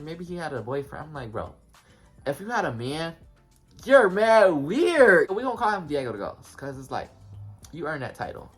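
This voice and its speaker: A young man telling a casual storytime vlog, animated and slangy, talking straight to his viewers. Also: medium pitch, breathy edge. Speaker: vlogger.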